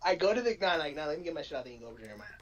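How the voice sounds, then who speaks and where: A woman chatting casually as a podcast co-host, telling a story in an animated way, with lots of slang and swearing. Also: low-pitched, racing, a crowd in the background, low-quality recording.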